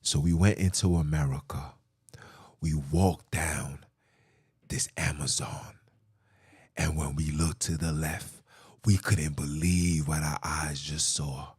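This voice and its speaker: A man voicing a hushed, mock-dramatic explorer narrator as a whispered role-play, speaking slowly and low. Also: steady tone, breathy edge, no room sound, studio quality, full character voice. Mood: hushed awe.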